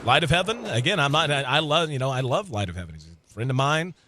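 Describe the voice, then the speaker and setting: A man doing live video game commentary in a relaxed, conversational way, thinking aloud with the occasional filler and an easy laugh. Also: mid-range voice, fast, no room sound. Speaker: esports commentator.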